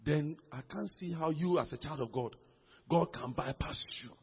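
A man preaching a sermon, swinging from shouts to low, intense lines and repeating words as he builds. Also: moderate pace. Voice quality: husky, gravelly voice. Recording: dull lo-fi hall recording.

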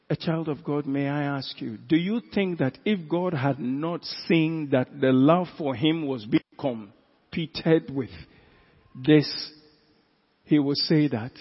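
A man with a Ghanaian accent, a pastor preaching a sermon who swings from quiet asides to loud, drawn-out emphasis. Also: fairly high pitch, husky. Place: church hall. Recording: echoey hall, dull lo-fi sound.

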